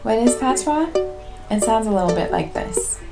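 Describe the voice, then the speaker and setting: A woman's voice: on the high side, animated, moderate pace, creaky. A woman from the United States, a podcast host giving earnest, scripted narration. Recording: loud music bed underneath.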